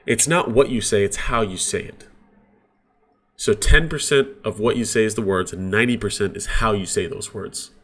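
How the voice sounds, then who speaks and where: A man's voice: fairly low pitch, normal speed, a bit bright. A man coaching real estate agents in a casual, conversational sales training talk. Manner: casual, conversational, uses sports examples.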